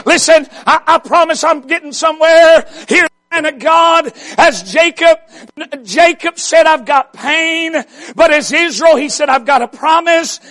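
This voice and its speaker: A preacher man delivers a fiery revival sermon in a strikingly high voice. He drags his words out slowly and breaks into shouts to hammer each point home. Every phrase lands with emphatic, unhurried force.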